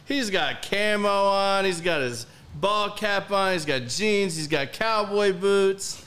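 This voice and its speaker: A man hosting a casual chat, relaxed and teasing as he tells stories about his guest. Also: high voice, slow, hardly any pauses. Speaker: host.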